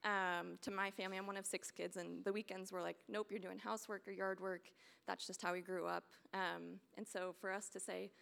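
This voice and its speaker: A young woman from the United States shares a church testimony in an earnest, rambling way, leaning on fillers. Her voice has a gravelly, fry-tinged edge at a middle pitch. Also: flat delivery, brisk, a bit bright. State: getting emotional. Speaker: church member sharing testimony.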